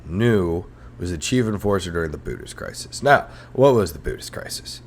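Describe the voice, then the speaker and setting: Low and sing-song, this young adult man's voice moves unhurriedly, with slight background noise, as he hosts a comedy history podcast through headphones and a podcast mic. It's a casual comedic rant, irreverent, with sarcasm, swearing, and lots of rambling fillers.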